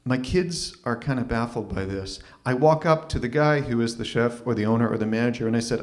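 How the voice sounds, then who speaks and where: Male open mic storyteller, wry self-deprecating delivery, halting restarts, stage mic. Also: mid-range voice. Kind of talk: live storytelling set. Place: small arts venue stage.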